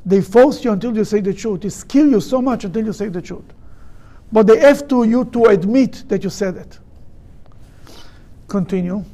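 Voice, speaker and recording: A man leading a Torah study class, explaining in a halting, animated way and acting out quoted speakers. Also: sits high. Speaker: rabbi teaching a study group.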